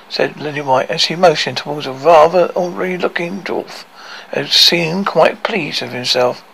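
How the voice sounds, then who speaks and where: Man reading a funny storybook aloud, pretty high voice, lively, gravelly edge. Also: moderate pace, rough recording. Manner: animated, expressive reading with occasional stumbles. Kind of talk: storybook read-aloud narration.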